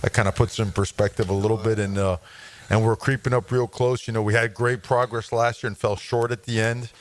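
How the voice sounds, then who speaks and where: A man's voice: fairly low pitch, level tone, fairly quick, a little hiss or hum. A man who coaches college football, speaking as a guest on a sports radio show in an intense, emphatic way. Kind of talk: radio interview.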